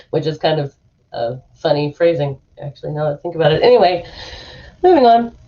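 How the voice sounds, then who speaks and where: A woman's voice: deep voice, lively intonation, normal speed, dull audio. A woman hosting a stream from a room at home, rambling in casual chat with lots of fillers and asides while reading an article aloud. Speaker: streamer host.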